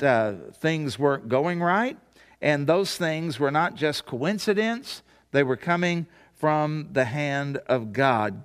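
Male pastor, sermon, slightly high voice, conversational, asks rhetorical questions, long hall reverb. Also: smooth.

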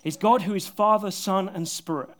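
Male pastor, higher-pitched, delivering an earnest sermon with soft, intimate drops and light self-mocking humor. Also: moderate pace. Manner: earnest, often dropping to soft, intimate tones; self-deprecating humor with bursts of laughter. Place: church service with a congregation.

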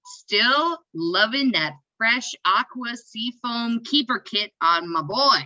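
A woman co-hosting a casual sports podcast, talking slowly in a bright, sharp voice. She is playful and jokey and laughs at her own quips. The sound is dry and dull, with a lo-fi edge. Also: on the high side, lively intonation, no echo. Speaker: podcast co-host.

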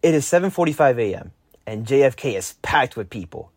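A teenage boy reading a personal story aloud, lively and lifting his voice for his own quoted lines. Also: fairly quick, no room sound. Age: teens. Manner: lively, jumps higher when quoting his younger self. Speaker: narrator.

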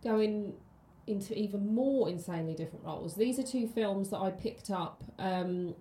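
A woman's voice: medium pitch, moderate pace, mellow. A woman, co-hosting a casual film podcast and chatting with many ums and restarts. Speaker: podcast co-host. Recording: roomy echo.

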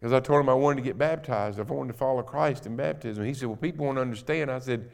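Guy guest preaching, middle aged, quiet emotional story then loud emphatic preaching, mid pitch voice. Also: fast, creaky. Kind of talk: sermon. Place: church sanctuary.

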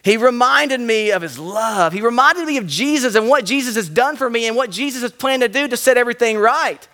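Bright high-voiced male pastor preaching. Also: fairly quick. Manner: animated, swings from loud to hushed. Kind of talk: sermon.

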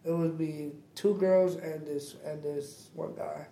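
A young man with a deep, raspy voice from smoking, talking casually in an interview, halting and repeating himself with lots of "like". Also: fairly even intonation, mellow. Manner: halting, repeats words, says "like" often. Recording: roomy echo.

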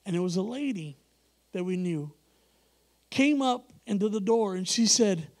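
High-voiced preacher telling a story. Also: male voice, measured pace. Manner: animated, acts out dialogue, laughs often. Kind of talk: sermon storytelling.

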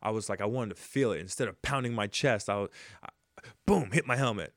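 A man in his forties, a former ballplayer, telling stories casually in an interview and loudly acting out the lines he quotes. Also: lowish voice, fairly quick, no echo, studio quality. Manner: animated storyteller, acts out quotes loudly. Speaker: former baseball player, guest.

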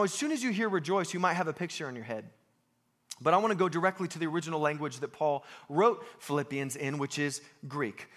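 A young American man preaching a sermon in a lively, emphatic way. He pokes fun at himself and repeats lines for weight. His voice sits a little high for a man. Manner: lively, self-deprecating, emphatic with repeated phrases. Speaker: pastor.

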